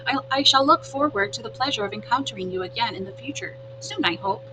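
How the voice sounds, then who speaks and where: An earnest female robot from a storybook, careful and overly formal in every phrase, as a woman reading aloud puts her on. Her voice sits fairly high, with a humming noise underneath. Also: expressive, fast, close to an everyday voice.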